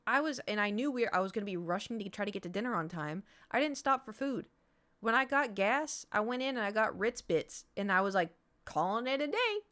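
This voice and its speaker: A young woman streamer casually telling a story, acting out the people she quotes. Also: medium pitch. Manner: animated, acts out quoted voices.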